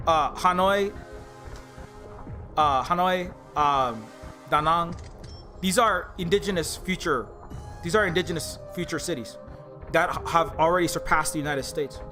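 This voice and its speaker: A man with a fairly high voice rants on a livestream, heated and full of swearing. He circles back to the same points again and again, padding them with ums and uhs. Soft music plays faintly behind him. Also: unhurried, pauses often. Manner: heated, profane, repeats himself, lots of fillers. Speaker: streamer and indie game developer. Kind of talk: livestream rant.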